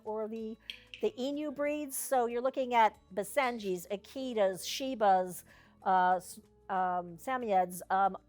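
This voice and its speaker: A woman service dog trainer leading a hands-on class, chatty and down-to-earth with joking asides. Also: high-pitched.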